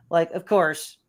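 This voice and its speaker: A man in his thirties telling a long personal story as a podcast guest, rambling and swearing freely. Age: 30s. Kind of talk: casual storytelling.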